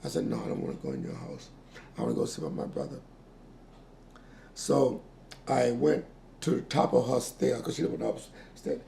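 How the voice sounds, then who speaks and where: A man in his sixties being interviewed, telling a painful family story with quoted dialogue and halting repeats. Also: medium pitch, huge pitch swings, creaky, warm tone. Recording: echoey room with faint noise.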